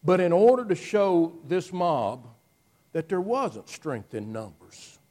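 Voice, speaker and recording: A man preaching a sermon, telling the story dramatically and moving between hushed passages and loud ones. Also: high voice, big pitch swings, slow.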